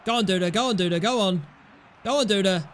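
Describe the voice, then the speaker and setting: A young man commentating his own football gameplay, excitable, yelling and swearing at the game. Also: high-pitched, quick pace, slight background noise. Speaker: gaming YouTuber.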